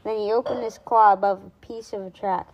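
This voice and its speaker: A woman reading a children's chapter book aloud in a lively way, doing voices for the characters. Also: medium pitch, fairly quick, highs cut off. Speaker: reader.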